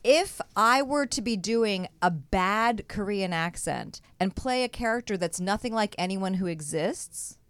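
A woman's voice: mid-range voice, animated, a little slow, few pauses, smooth, no room sound. A woman who is a comedian and actress, explaining her views earnestly and emphatically as a talk show guest.

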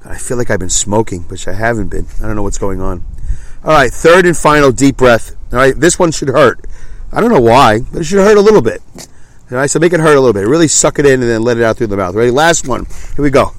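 A man's voice: mid-range voice, expressive, fast talker. A man hosting a solo podcast, rambling and self-deprecating, his voice stuffy from a clogged nose. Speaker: podcast host. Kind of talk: casual solo podcast monologue.

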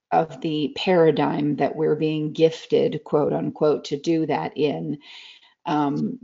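Woman host, deep and slow, thoughtful questioner, lo-fi radio sound. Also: vocal fry, mellow. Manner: slow, searching questions with restarts. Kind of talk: radio talk show hosting.

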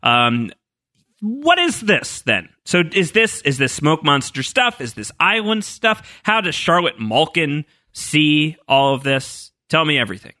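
Casting note: bright, animated man for a podcast co-host, dry booth sound, chatty recap energy. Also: a little high, a little slow, dry recording. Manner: animated, acts out quotes, laughs often. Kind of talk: casual TV recap chat.

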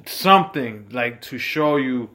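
A man co-hosting a laid-back podcast, chatting eagerly with a friend. He keeps the talk loose and excitable, a few drinks in. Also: medium pitch, slow pace. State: drinking shots. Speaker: podcast co-host. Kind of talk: casual chat.

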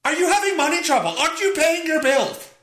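A man putting on a shrill, sing-song voice as a nagging, worried mother scolding her son. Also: expressive, brisk, a bit bright, roomy sound.

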